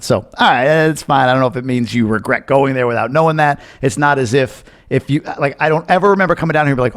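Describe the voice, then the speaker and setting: Chatty American man reacting to a clip. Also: medium pitch. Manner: candid, chatty, mimics loud talk. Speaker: reaction video host. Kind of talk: casual reaction commentary.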